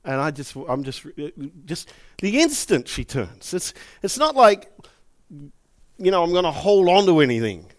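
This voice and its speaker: A middle-aged man delivering a heartfelt sermon, his voice sitting unusually high. He speaks slowly and deliberately, shifting into acted-out quotes as he tells stories from home. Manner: emotive, animated storytelling with acted quotes. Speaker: pastor.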